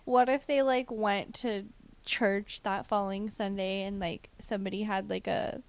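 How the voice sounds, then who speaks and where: A woman's voice: medium pitch, steady tone, normal speed. A woman co-hosting a podcast from her bedroom, reacting with spooked exclamations and giggles in casual chat. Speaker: podcast co-host.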